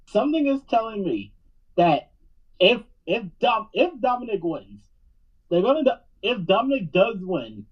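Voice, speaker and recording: A man's voice: sits high, expressive, normal speed. A man co-hosting a podcast in casual chat, joking, mocking himself and swearing. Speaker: podcast co-host. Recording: dull lo-fi mic.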